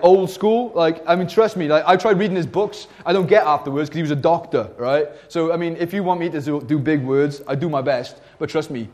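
A man in his forties preaching a sermon at a church service, in an animated, jokey, conversational way. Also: on the high side.

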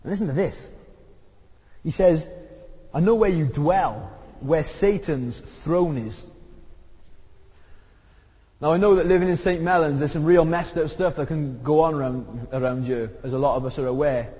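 Preacher with a sore throat. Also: male voice, a little fast, mellow, husky. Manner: conversational, emphatic preaching with rising pitch on key points. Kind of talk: sermon. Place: church hall. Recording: dull recording with long hall reverb.

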